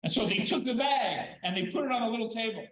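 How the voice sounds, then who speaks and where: An older man giving an animated storytelling talk at a conference, expressive and prone to repeating words when excited. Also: extremely high pitch, quick pace. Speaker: conference speaker. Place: conference hall. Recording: echoey, dull hall recording.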